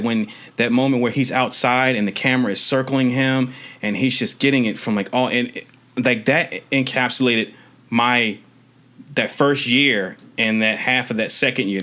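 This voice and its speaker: A man's voice: medium pitch, fairly bright tone. A young man from Maryland, a podcast co-host, telling a personal story in casual chat, earnest and rambling with many restarts and casual swearing. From Maryland, USA.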